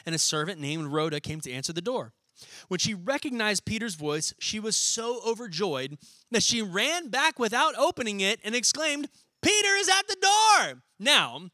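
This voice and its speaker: A young man preaching a sermon as pastor, talking in a lively, casual way and acting out little scenes as he goes. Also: high-pitched, no room sound. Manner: animated, conversational, acts out scenes in quick voices.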